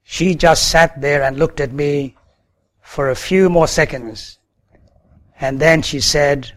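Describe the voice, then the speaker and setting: A man's voice: fairly high pitch, slow, fairly bright tone. A man preaching a sermon, telling a personal story as earnest testimony.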